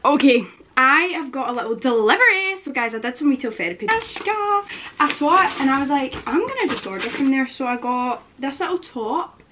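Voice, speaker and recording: Brief: young woman vlogger, high-pitched, rambling chatter, faint background hum. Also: very animated, a little fast. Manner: chatty, rambling, fills speech with "like". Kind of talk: casual chatty vlog.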